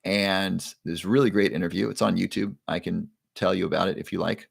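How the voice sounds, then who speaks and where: A man's voice: low-pitched, steady tone, a little fast, creaky, slightly rough, dry recording, studio quality. A man hosting a live online show, leading viewers through a breathing exercise in an upbeat, chatty way that keeps prompting the audience.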